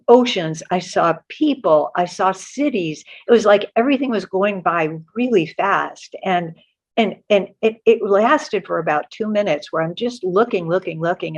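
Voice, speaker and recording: An older woman sharing a personal spiritual story in an earnest, halting way, often repeating words as she restarts. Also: fairly low pitch. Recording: muffled lo-fi sound.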